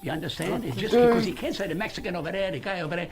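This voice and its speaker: In an archived radio clip with steady hiss, a comedian in his seventies guests on a radio show, spinning stories in a brash, profane, lecturing manner. His high voice comes rapid-fire over a noisy crowd.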